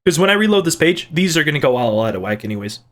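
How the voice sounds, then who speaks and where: A man's voice: fairly high pitch, big pitch swings, quick pace. A man hosting his own channel, reading viewer comments aloud and answering them in a playful, rambling way. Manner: rambling and playful, with restarts and side jokes. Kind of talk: casual chat.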